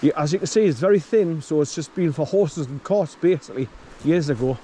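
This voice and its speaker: A man's voice: a little high, brisk, warm tone, slight background noise. Chatty Geordie man on a walk. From northeast England. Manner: chatty, rambling, talks to his dog. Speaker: vlogger. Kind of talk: casual walking vlog. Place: outdoors on a country path.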